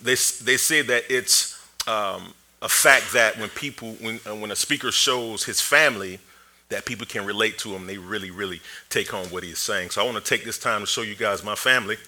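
A man's voice: on the low side, a little fast. A man preaching a sermon through a personal story, joking and self-deprecating, laughing often and acting the story out with energy. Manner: animated storyteller.

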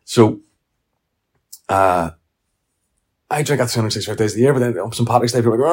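A man's voice: mid-range voice, brisk, pauses often, a little mellow, breathy edge. A middle-aged man with a Northern Irish accent, ranting and telling blunt, sweary stories as a podcast host. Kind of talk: casual ranting monologue.

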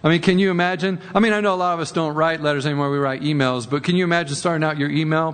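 A man's voice: a little high, fast, few pauses, fairly bright tone, smooth, big-room sound. A man preaching a sermon in a conversational way, often repeating words and rising for emphasis. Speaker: pastor.

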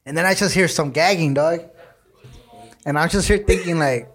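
A man's voice: on the high side, normal speed, a bit bright. A young man hosting a podcast, telling crude party stories full of profanity and slang, laughing often. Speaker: podcast host. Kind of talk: casual storytelling chat.

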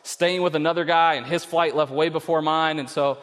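A middle-aged male pastor preaching a sermon, telling a story and then pressing his point with loud emphasis. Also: fairly high pitch, fairly even intonation, a little fast. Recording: long reverb of a large hall.

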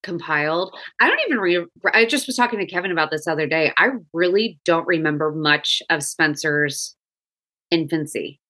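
Bright-voiced woman podcast host, chatty. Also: deep voice, normal speed. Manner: chatty, frequent restarts and laughs. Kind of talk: casual chat.

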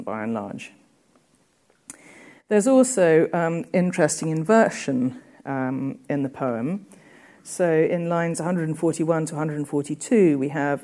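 A woman lecturing on poetic technique, with frequent ums, reading verse lines slowly and deliberately between her explanations. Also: sits low, warm tone. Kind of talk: literature lecture.

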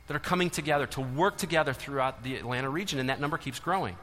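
A man preaching a sermon to a large church congregation, swinging between loud urging and hushed intensity. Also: medium pitch, fast talker. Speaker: pastor. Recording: long hall reverb.

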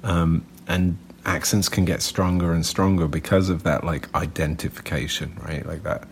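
A man's voice: deep voice, little pitch movement, normal speed, a little hiss or hum. A man co-hosting a podcast, chatting casually with an eager, musing manner. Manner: enthusiastic and musing. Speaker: podcast co-host. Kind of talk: casual chat.

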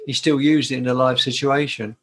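An older man from the United Kingdom, a guitarist recalling his career in a relaxed interview, talking in a chatty way and often restarting his sentences. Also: medium pitch, fairly quick, husky. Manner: warm, chatty, with frequent restarts. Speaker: guitarist and performer, interview guest. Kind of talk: casual anecdotal storytelling.

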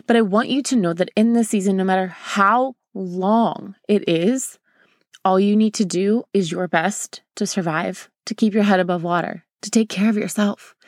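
A woman's voice: medium pitch, normal speed, no echo. Woman confiding on her podcast, dry sound. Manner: open, emotional, confiding, addresses listener as a girlfriend. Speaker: podcast host. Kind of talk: casual heartfelt podcast talk.

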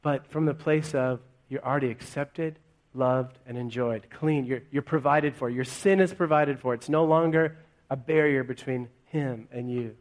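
A man's voice: medium pitch, normal speed. A male pastor preaching a sermon to his congregation in a conversational way, peppering it with rhetorical questions. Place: church in front of a congregation.

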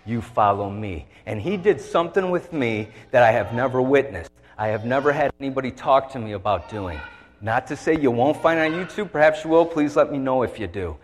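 A man's voice: medium pitch, animated, a little fast, big-room sound. A man preaching an emotional sermon, telling his story with feeling and acting out a conversation with God. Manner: heartfelt, voice shifting to act out a dialogue with God.

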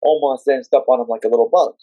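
An excitable man chatting on a podcast, his voice jumping up into shrill shouts as he tells his stories. He is recorded close, with a dry sound. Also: fast talker, no room sound, dull audio. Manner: excitable, jumps into shrill shouting when retelling. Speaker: podcast guest. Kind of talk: casual chat.

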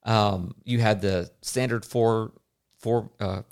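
Rambling, chatty podcast dad. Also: male voice, fairly low pitch, steady tone, takes it slowly, darkish tone, clear, resonant tone. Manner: rambling, chatty, many fillers. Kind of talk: casual chat.

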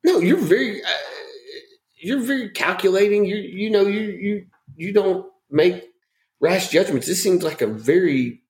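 A man's voice: high voice, animated, measured pace, darkish tone. A man co-hosting a podcast who reacts with teasing, incredulous questions. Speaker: podcast co-host. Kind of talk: casual podcast chat.

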